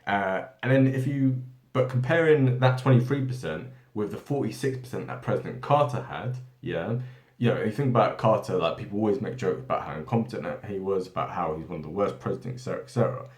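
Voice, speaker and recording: Male commentator raised in Britain, lowish voice, off-the-cuff monologue, restarts constantly, roomy echo. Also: quick pace, darkish tone. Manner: rambling, many tag questions and restarts. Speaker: political commentary channel host. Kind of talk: unscripted monologue. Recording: echoey room.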